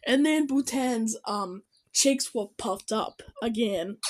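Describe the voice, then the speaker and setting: A woman reacting to videos in casual commentary, excitable and exclaiming at the screen. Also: sits high, a little slow, hardly any pauses, low-quality recording. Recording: loud background noise.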